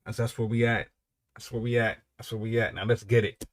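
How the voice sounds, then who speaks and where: A man hosting a casual reaction video, talking in an animated, profane way and laughing often. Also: lowish voice, a little fast. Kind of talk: casual reaction commentary and storytelling.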